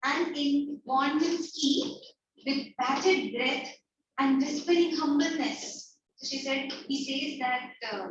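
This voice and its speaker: A woman's voice: high-pitched, steady tone, slow, slight background noise. A woman teacher with an Indian English accent explaining a play in an online class, restating each line in plain words. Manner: explains in plain words, repeats phrases, acts out lines. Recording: echoey, distant, dull online-call audio.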